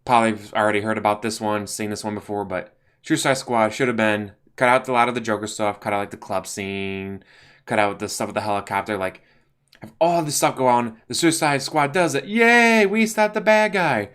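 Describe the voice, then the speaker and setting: A man's voice: lowish voice, brisk, fairly bright tone, clear, resonant tone. A man hosting a casual movie commentary, ranting bluntly, swearing and filling his talk with "like". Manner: blunt, ranting, profane, lots of fillers. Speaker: channel host.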